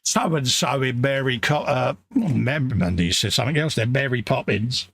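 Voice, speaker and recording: A man's voice: mid-range voice, expressive, normal speed, creaky, a bit bright, husky, dry recording. A middle-aged man co-hosting a live hobby stream, joking and laughing as he reads out chat messages. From England. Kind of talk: casual banter.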